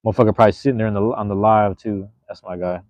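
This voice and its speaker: A man's voice: fairly low pitch, fairly even intonation, rapid-fire, darkish tone, no room sound, lo-fi sound. A man hosting a casual solo livestream, rambling in a laid-back, slangy way. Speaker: livestream host.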